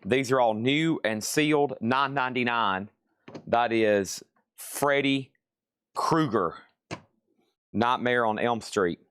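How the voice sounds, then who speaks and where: A man hosting a live sale from a shop, briskly listing items and prices with chatty asides. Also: medium pitch, fairly bright tone, clean tone, no echo. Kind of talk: live-stream sales patter. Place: record shop.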